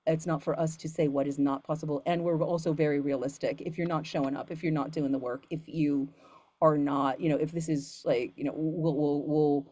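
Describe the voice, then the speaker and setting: A woman's voice: low voice, fairly even intonation, brisk, mellow. A woman voiceover coach talking casually with students, earnest and rambling, with many fillers and restarts. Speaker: voiceover coach and studio founder.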